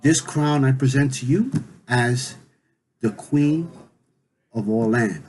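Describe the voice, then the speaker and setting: A stern, all-knowing god-king of legend, speaking slowly and firmly, as a man telling the story puts him on. The voice sits at an ordinary male pitch, with a faint hiss of noise behind it. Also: lightly acted, low-quality recording. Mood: solemn. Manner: stern, measured, then gentle.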